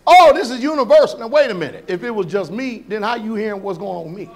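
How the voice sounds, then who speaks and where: High-voiced preacher man. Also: fast. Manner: folksy, animated, shouts and laughs; questions the congregation. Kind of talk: sermon.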